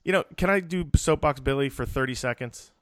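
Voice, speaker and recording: A man co-hosting a sports podcast in casual chat, talking quickly and breaking into animated rants. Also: mid-range voice, no echo, studio quality. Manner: animated, ranting bursts. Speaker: podcast co-host.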